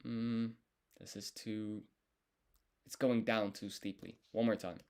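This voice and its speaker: Low-voiced man thinking aloud while studying. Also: slow. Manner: thinking aloud, self-correcting, relaxed. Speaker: language learner streaming his study. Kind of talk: casual live-stream study session.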